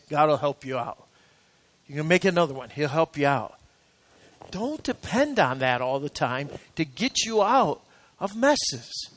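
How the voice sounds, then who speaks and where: A male pastor preaches in a church sanctuary, his fairly high voice climbing to emphatic, ringing peaks before sinking into soft, close talk. The room adds a long, trailing reverb to every line. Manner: preaching with swelling rising emphasis, then dropping to quiet intimate talk. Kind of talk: sermon.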